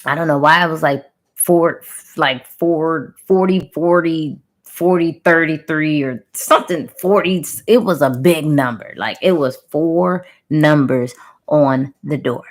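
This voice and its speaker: Chatty woman telling a story, lower voice. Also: measured pace. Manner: chatty and conversational, with playful sound-effect words. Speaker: spiritual reader telling a channeled story. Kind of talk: casual storytelling to viewers.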